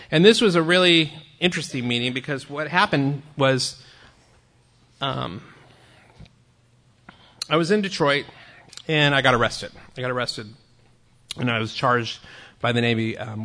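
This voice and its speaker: A man's voice: medium pitch, moderate pace, long pauses, bright, forceful tone. An older man sharing his recovery story as a talk, wry and self-mocking with campy punchlines. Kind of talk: humorous personal storytelling talk.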